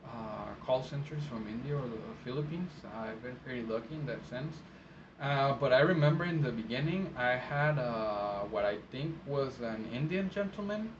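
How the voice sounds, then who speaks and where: A man from Mexico who works as a phone interpreter, giving casual advice in a chatty, rambling way full of fillers and restarts. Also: mid-range voice. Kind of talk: casual advice talk to camera. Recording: dull lo-fi sound with steady background noise.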